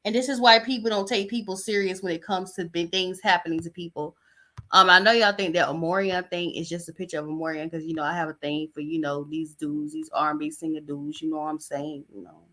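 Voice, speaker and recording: A woman with a bright, sharp voice hosts a podcast in casual commentary. She talks bluntly and chattily, often sounding exasperated. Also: lowish voice, fairly even intonation, brisk. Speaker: podcast host.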